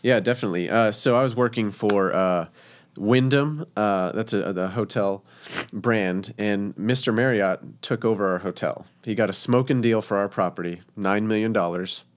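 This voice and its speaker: A chatty man, a professional chef from Texas, tells stories in a relaxed interview. His voice sits a bit low, and his talk is full of fillers and quick laughs. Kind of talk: casual storytelling interview.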